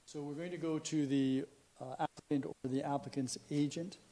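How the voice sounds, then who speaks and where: A man mayor chairing a council meeting in a brisk, matter-of-fact way. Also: a little high, steady tone, dark tone.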